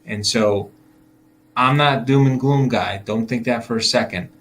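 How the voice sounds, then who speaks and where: A man's voice: mid-range voice, measured pace, fairly bright tone, a little hiss or hum. A man hosting a casual market-wrap video as a financial advisor, talking loosely with fillers and chuckling as he acts out investors' thoughts. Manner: chatty, laughs while acting out investors' thoughts.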